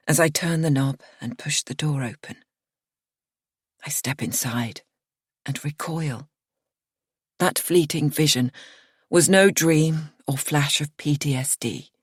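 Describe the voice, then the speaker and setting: A woman reading a psychological thriller aloud in the first person, measured and hushed. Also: deep voice, breathy edge, no room sound, clean studio sound. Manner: measured and hushed, dropping to a whisper at tense moments. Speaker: audiobook narrator.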